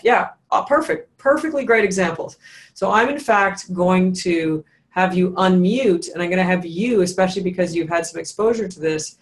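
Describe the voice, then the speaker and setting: A woman leads a breathwork session over a video call, coaching in an encouraging, instructive way and slowing down to model each guided phrase. Her voice is on the low side with lively intonation, and there's slight background noise.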